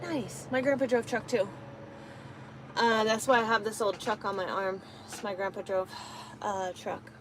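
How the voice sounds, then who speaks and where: A woman's voice: mid-range voice, steady tone, normal speed, background noise. A woman truck driver chatting casually on a live stream from her truck cab, rambling with lots of ums.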